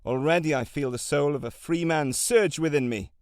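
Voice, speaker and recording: A man's voice: fairly high pitch, normal speed, no echo, studio quality, close to an everyday voice. A man reading an audiobook, voicing a humbled young man who speaks earnestly, with old-fashioned phrasing. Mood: moved. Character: eager young male debtor, humbled.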